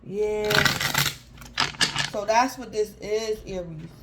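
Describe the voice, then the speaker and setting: A woman's voice: medium pitch, lively intonation, moderate pace, very noisy. Chatty woman giving a tarot reading. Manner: chatty, keeps calling out the sign by name; informal slangy phrasing with frequent restarts. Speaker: tarot reader. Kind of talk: casual tarot reading to camera.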